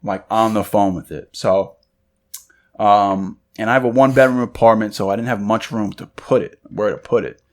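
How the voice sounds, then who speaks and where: At a normal speed and in a lowish voice, a young podcast co-host tells a casual story during a cigar session. He's animated, slipping into the voices of the people he quotes.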